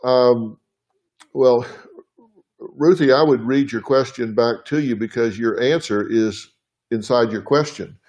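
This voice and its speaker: A man's voice: mid-range voice, takes it slowly, darkish tone. A man hosting a live show from his home, speaking earnestly and plainly to viewers, thinking aloud as he answers their questions. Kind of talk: live casual address to viewers.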